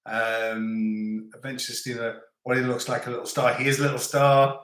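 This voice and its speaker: Male live-chat host, medium pitch, chatty and joking, echoey home room. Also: flat delivery, moderate pace, a bit bright. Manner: chatty, rambling, joking, many restarts. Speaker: livestream host. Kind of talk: casual live chat reading viewer comments.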